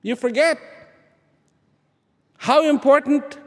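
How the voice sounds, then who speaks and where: A man giving a live spiritual talk to an audience, firing rhetorical questions and repeating key words, swinging between loud emphasis and hushed asides. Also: very high-pitched, slow. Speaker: speaker addressing an audience. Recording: long hall reverb.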